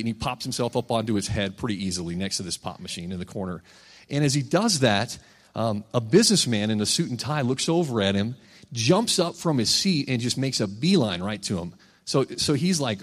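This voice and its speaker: A man's voice: mid-range voice, brisk, big-room sound. A man preaching a sermon, telling stories and reading scripture in a casual, conversational way. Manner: conversational, animated when voicing characters in stories. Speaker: campus ministry preacher.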